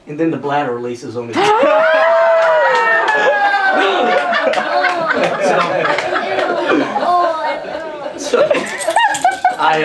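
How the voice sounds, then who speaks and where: A man telling a funny hunting story in a casual way, laughing often as he talks. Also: high-pitched. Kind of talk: casual anecdote. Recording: roomy distant camcorder audio with loud noise.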